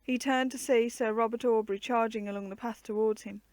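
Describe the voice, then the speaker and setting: Woman storyteller, fairly high voice, dry close sound; measured book reading. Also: dry recording. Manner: measured, expressive narration. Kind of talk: reading a children's adventure book aloud.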